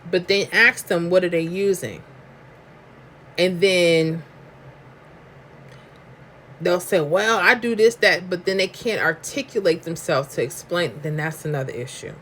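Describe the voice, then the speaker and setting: Talkative New York-accented woman, low-ish voice, casual live-stream host who reads chat comments aloud and talks slangy and emphatic. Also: unhurried, pauses often, a bit bright, a little hiss or hum.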